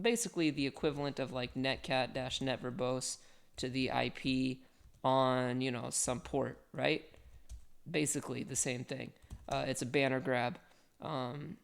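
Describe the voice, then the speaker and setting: A woman with a notably low voice teaches on a live stream, chatty and playful. She switches easily between jokes and step-by-step technical explanation. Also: creaky. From part Colombian, part Italian heritage. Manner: chatty, playful, reads chat aloud. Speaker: instructor. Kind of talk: live-streamed hacking walkthrough.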